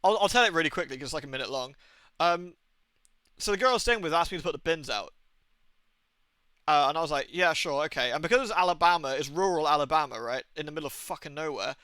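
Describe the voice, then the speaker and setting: English male streamer, casual rambling tales, crisp tense tone, dry close sound. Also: a little high, quick pace, no room sound. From England. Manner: rambling, sweary, animated storytelling. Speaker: game streamer. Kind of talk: casual storytelling chat.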